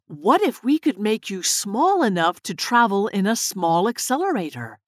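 A woman voicing a calm physicist explaining ideas in a measured way. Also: medium pitch, no room sound, clean studio sound.

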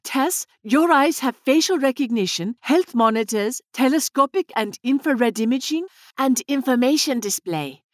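A woman's voice: sits high, expressive, normal speed, few pauses, dry recording, studio quality, pitched above the performer's own voice. A woman voicing a caring scientist who explains things in a hurry. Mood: urgent.

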